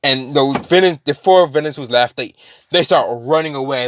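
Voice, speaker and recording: A man's voice: medium pitch, moderate pace, a bit bright, slight background noise. A man casually retelling a fan-made story, rambling with many fillers and restarts.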